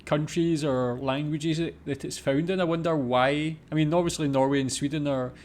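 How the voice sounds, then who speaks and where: A man with a slightly higher voice reacts casually to a video, thinking aloud as he goes. He hums and wonders out loud between his thoughts. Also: fairly even intonation, normal speed.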